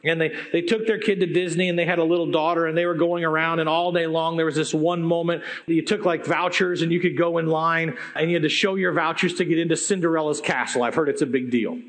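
A man preaching a sermon, telling stories in an animated, conversational way that swings between loud and hushed. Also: fairly high pitch, fast, hardly any pauses. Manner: conversational, with asides to the audience.

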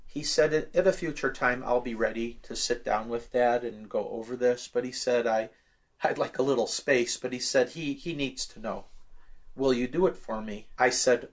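Earnest man telling a testimony. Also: medium pitch. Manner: earnest storytelling, quoting dialogue. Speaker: guest sharing testimony. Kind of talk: personal testimony in conversation.

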